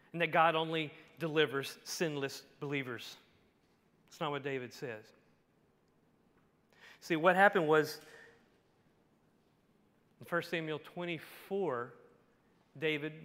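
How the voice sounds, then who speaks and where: A man with a high voice preaches a sermon and tells the story with drama, dropping to a hush and then rising to a shout. His voice rings out in a church sanctuary with a long reverb tail. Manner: dynamic storytelling, swinging from hushed to shouting. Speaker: pastor. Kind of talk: expository sermon.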